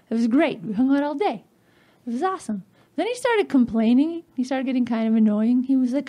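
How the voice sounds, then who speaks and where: High, lively woman giggling through stand-up. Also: quick pace. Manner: giggles at her own jokes, dark one-liners. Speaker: stand-up comedian. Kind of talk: stand-up set. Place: comedy club stage. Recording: live club set with audience laughter and noise.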